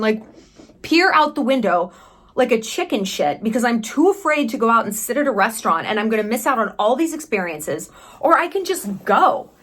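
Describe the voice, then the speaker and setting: A woman in her thirties chats to her viewers in a casual travel vlog. Her voice sits a little high, and she talks candidly, sarcastically, with a habit of swearing and tossing in quick asides. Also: a bit bright. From United States. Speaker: vlogger.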